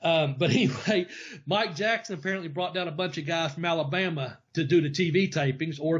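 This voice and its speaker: A man with a fairly high voice, hosting a wrestling podcast in a loose, rambling way and laughing as he tells stories. The audio is dull and lo-fi. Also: normal speed. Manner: rambling storyteller, laughs often. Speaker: podcast host, former wrestler. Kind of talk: casual podcast chat.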